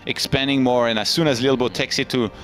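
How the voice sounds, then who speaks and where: A man's voice: medium pitch, fairly even intonation, a bit bright, faint music behind. A man casting a live esports match, breaking down builds and cracking dry jokes. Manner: quick, dry joking analysis. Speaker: esports caster.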